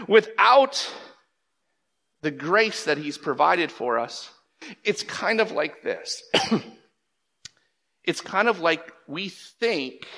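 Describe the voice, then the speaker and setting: Male pastor, sermon delivery, bright forceful tone, emphatic surges and drops, big reverberant hall. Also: fairly high pitch, gravelly. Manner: emphatic, swings between loud bursts and hushed lines. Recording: long reverb of a large hall.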